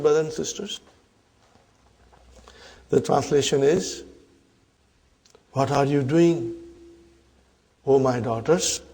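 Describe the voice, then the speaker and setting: A man teaches a grammar lesson at a deliberate, unhurried pace, repeating each term and checking in with "huh?" His voice sits a little high, and a long reverb trails his words, as in a large room. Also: vocal fry, a little mellow. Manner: slow, repetitive, addresses "brothers and sisters", checks understanding with "huh?". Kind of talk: explanatory lesson.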